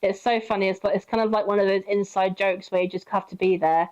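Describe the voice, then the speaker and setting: A woman's voice: medium pitch, fairly even intonation, fast talker, a little mellow, lo-fi sound. A young woman streamer telling a story while playing, chatty, laughing often and swearing freely. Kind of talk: casual storytelling while gaming.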